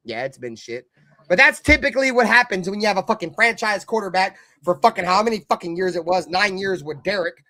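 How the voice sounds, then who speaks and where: High-pitched cursing fan ranting hotly. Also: male voice, dry recording. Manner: heated, cursing, swinging between loud outbursts and low mutters. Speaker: live stream host. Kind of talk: profane fan rant.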